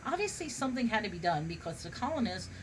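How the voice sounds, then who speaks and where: A woman's voice: mid-range voice, big pitch swings, fast talker, background noise. A woman reading a humorous history book aloud, now and then stumbling and restarting on a word. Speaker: reader.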